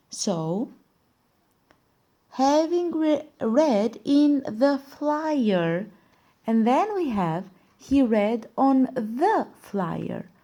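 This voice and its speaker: A woman with a warm, fairly high voice teaches a recorded classroom lesson, guiding students through a reading exercise. Her first language is Albanian, not English, and she explains slowly and carefully, posing questions and then answering them herself.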